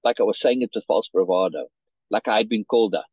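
Husky man explaining a story. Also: on the low side, fast, dry recording, muffled recording. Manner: checks in often with "right?"; restarts and repeats words. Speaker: teacher reading a story aloud. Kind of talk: reading a story and explaining it to a learner. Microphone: video call.

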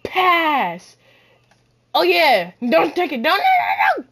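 A woman giving loud, boastful trash-talk commentary while playing a basketball video game, often shouting. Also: very high voice, wildly swooping pitch, slow pace, vocal fry. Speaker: gamer. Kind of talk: live gameplay commentary.

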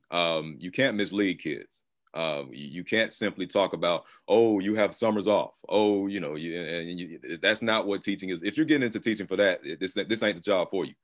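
A man moderating a panel discussion over a video call, relaxed and conversational. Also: low voice. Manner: relaxed and conversational, with occasional laughs.

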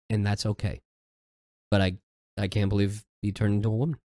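Man, reaction host, lowish voice, swearing, exasperated, sarcastic. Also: little pitch movement, brisk, dark tone, no echo, studio quality. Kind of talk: casual reaction commentary.

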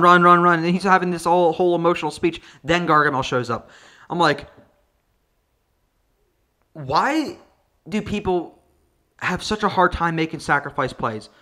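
A video reviewer ranting about a movie with exasperated, profane comic energy, sometimes jumping into high-pitched outbursts. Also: pushed and bright. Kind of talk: comedic movie review rant.

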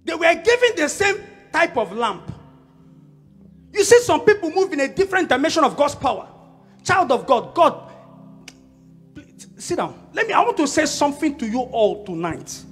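A middle-aged man with a Nigerian accent preaching a sermon, emphatic and shouting, repeating his key phrases. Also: very high voice, very animated, moderate pace, pauses often, soft background music.

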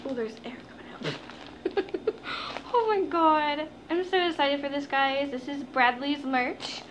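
A woman's voice: sits high, slow, fairly bright tone, a little hiss or hum. A young woman chatting to her viewers in a casual unboxing vlog, gushing and giggling, calling them "guys". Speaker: vlogger.

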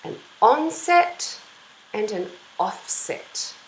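Aussie-raised woman running a kids voice class, bouncy melodic voice, slow and clear, echoey room. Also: medium pitch, big pitch swings, a little hiss or hum. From Australia. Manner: bright, encouraging teacher voice, storytelling with sung-out examples. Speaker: voice teacher.

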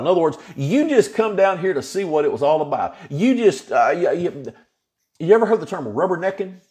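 A man's voice: a little high, sing-song, a little fast, a little mellow. A male pastor teaching an informal Bible study, retelling scripture in a folksy, plain-spoken way.

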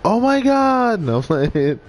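A man's voice: high voice, big pitch swings, slow, a little hiss or hum. Goofy young man gaming. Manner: goofy, joking, talks to his pets. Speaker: game streamer. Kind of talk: let's play commentary.

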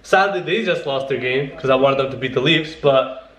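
A young man vlogging casually, excitable and hyped, swearing a lot and repeating himself. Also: medium pitch, moderate pace. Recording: roomy echo, faint background noise.

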